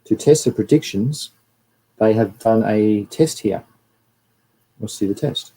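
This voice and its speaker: A man's voice: lowish voice, a little slow, dark tone, slightly rough, low-quality recording. An Australian man hosting a livestream and giving a casual, rambling talk over slides while greeting viewers. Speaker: livestream host.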